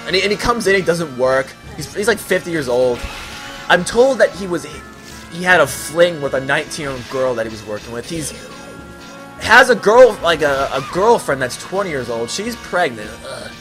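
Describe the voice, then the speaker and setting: A young man from the US East Coast talks over his gameplay in a lively voice that swings up and down. His commentary rambles and jokes, and he wanders off on sidetracks. His voice is on the high side for a man, with quiet music behind him. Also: moderate pace. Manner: rambling, jokey, easily sidetracked. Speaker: let's play host. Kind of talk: let's play game commentary.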